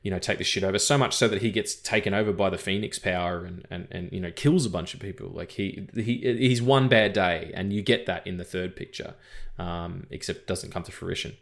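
A man's voice: sits low, steady tone, a little fast, gravelly, a bit bright. A man in his thirties co-hosting a casual film podcast, rambling with many fillers and swearing. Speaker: podcast co-host.

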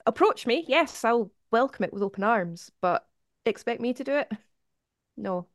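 A woman's voice: on the high side, lively intonation, moderate pace, dry recording, studio quality. A woman with a Scottish accent chatting casually as a podcast guest, self-deprecating and laughing often. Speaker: podcast guest, YouTube album reviewer. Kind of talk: casual chat.

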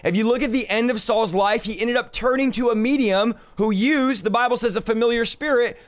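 Guy with a high voice preaching hard on his podcast, fervent, talking right to you. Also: fairly quick. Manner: fervent, exhorting the listener directly. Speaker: podcast host. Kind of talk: preaching Bible teaching.

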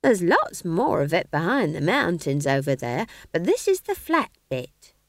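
A woman's voice: lowish voice, sing-song, a little slow, no room sound, clean studio sound, exaggerated voice. A woman voicing an earthy, cheerful old witch who talks in a blunt, chatty way for an audiobook. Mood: cheeky. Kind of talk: audiobook character voice.

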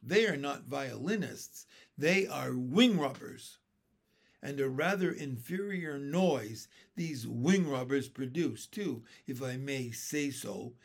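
A man's voice: medium pitch, expressive, slow, vocal fry, heavily acted. A man voicing a kindly old green grasshopper who explains things proudly, in a storybook reading. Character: old green male grasshopper, gentle and wise.

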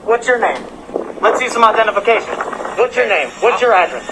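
A man's voice: sits high, expressive, a little fast, background noise. A man in a heated, profane confrontation outdoors on a residential street, filming on his phone. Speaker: delivery worker.

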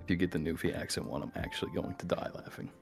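A woman's voice: a bass voice, steady tone, fast talker, vocal fry, faint music behind. A woman co-hosting a casual podcast, wry and self-mocking, swearing freely. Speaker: podcast co-host. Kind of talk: casual chat, party game.

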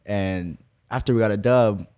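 Lower-voiced man laughing through a story. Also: normal speed, a little mellow, clear, resonant tone. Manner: laughs often while telling stories. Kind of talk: casual storytelling chat.

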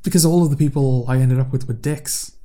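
A young man chats casually with a friend, circling through an anecdote with plenty of restarts and quick bursts of laughter. His storytelling is loose and meandering. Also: medium pitch, mellow. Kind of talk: casual chat.

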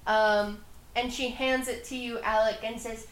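A woman narrating as game master of a tabletop role-playing game, unhurried, with many fillers. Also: a little high, steady tone, reverberant, a little hiss or hum, rough recording.

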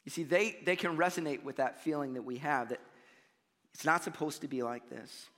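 Man preaching, conversational asides, sharp tone, echoing church hall. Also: fairly high pitch, moderate pace. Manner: animated, conversational preaching with frequent "right?" and "you know" asides. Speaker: pastor. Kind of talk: sermon. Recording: long hall reverb.

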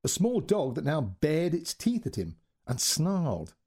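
A man narrating a short story as storyteller, in an expressive, dramatic reading that moves between hushed and raised passages. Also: a little high, measured pace, slightly rough.

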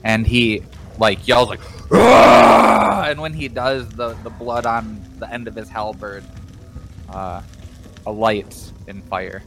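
A man playing a tabletop game, describing his character's actions with halting fillers. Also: fairly low pitch, fairly even intonation. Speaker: player. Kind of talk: tabletop role-play.

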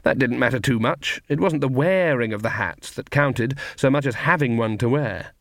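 A man narrating an audiobook in a measured, wry storytelling manner. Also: mid-range voice, a bit bright, no room sound. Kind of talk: scripted narration.

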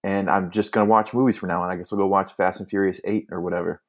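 A man's voice: deep voice, steady tone, quick pace. A man co-hosting a casual movie review chat, wry and questioning. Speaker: podcast co-host.

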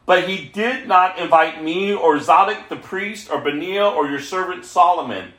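A man's voice: high voice, moderate pace, fairly bright tone. An urgent old prophet, read by a man. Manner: plain earnest reading voice. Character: Nathan, urgent male prophet warning the king. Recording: echoey room.

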